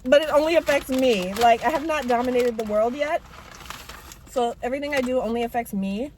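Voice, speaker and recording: A woman's voice: fairly high pitch, brisk, darkish tone, slight background noise. A young woman rambling in a casual, self-mocking vlog while she eats, talking with her mouth full, in a parked car. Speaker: vlogger.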